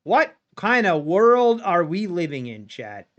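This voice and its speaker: A man with a high voice streams his live trades and talks in a slow, drawn-out way. He frets to his chat, begs the market under his breath and then bursts into loud yells. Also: big pitch swings, muffled recording. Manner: anxious, pleading with the market, swings from muttering to yelling. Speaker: livestreaming futures trader. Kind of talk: live trading stream commentary.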